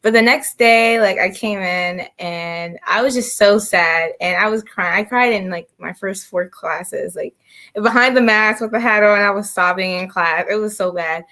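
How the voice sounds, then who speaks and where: A woman's voice: medium pitch, normal speed, bright, forceful tone. A teenage girl on a panel, chatty and candid, sharing a school story. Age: teens. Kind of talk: panel discussion.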